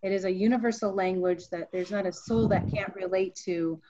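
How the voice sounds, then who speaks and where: A woman's voice: medium pitch, fairly even intonation, a little fast, noisy background. A woman moderating a panel over a video call, reading guest introductions in a friendly way. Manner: friendly, reads introductions, laughs easily. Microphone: video call mic. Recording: dull lo-fi video call audio.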